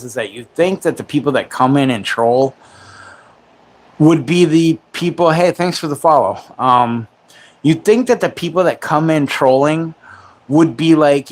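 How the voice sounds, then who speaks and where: Sarcastic man in his forties. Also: fairly high pitch. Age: 40s. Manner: joking, sarcastic, laughs often. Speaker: livestream host. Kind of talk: casual livestream chat. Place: home, in Florida.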